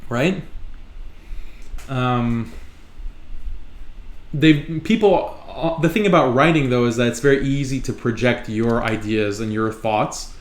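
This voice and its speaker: A man's voice: mid-range voice, takes it slowly, long pauses, reverberant. A man hosting a live online talk show, speaking emphatically and repeating his points for stress. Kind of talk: live solo commentary.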